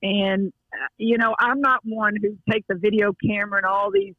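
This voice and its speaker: A woman's voice: medium pitch, normal speed, no room sound. A middle-aged woman with a Louisiana accent, a basketball coach speaking as a guest by phone, heartfelt and folksy. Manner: heartfelt, folksy, with many restarts. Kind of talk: emotional phone interview. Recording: dull, dry phone line.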